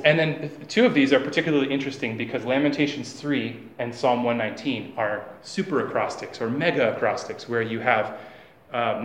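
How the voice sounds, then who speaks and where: A man giving a classroom lecture, halting, with many fillers and restarts. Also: medium pitch, roomy sound.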